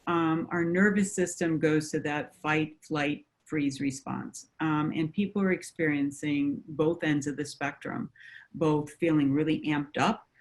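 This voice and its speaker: A woman counselor talking through coping ideas in a conversation. She explains in a measured way, with frequent fillers. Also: deep voice, fairly even intonation. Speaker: mental health counselor.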